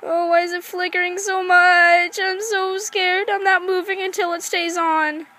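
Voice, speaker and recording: A woman's voice: very high-pitched, level tone, a little slow, pushed and bright, full character voice. A woman voicing a jumpy, scared lady with a flashlight. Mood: scared, questioning. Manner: nervous, keeps asking questions.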